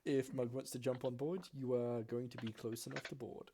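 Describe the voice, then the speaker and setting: Game master type: man narrating a tabletop session, relaxed and explanatory. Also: medium pitch, moderate pace, slight background noise.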